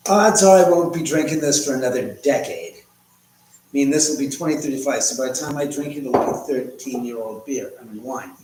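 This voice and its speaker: Animated and mid-pitched, with a darkish tone and normal pace, a man rambles through a casual livestream, reading viewer comments while he cooks in his home kitchen. There's a little hiss or hum, and the far-off mic in an echoey room adds faint ambience.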